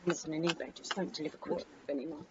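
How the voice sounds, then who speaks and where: A woman hosting a casual tarot reading, chatting in a relaxed way with frequent ums. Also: low voice, racing, highs cut off, slight background noise. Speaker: tarot reader.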